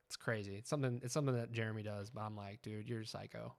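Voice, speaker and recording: A man hosting a live trading stream, chatting casually and getting excited as he watches the charts. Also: fairly low pitch, fast talker, creaky. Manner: chatty, excitable, keeps asking "you know what I'm saying".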